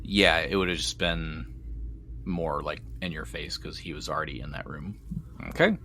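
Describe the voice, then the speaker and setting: A man's voice: a bass voice, lively intonation, sharp tone, a little hiss or hum. A man running a tabletop game as game master, narrating in a laid-back way. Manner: slow, laid-back, laughs easily.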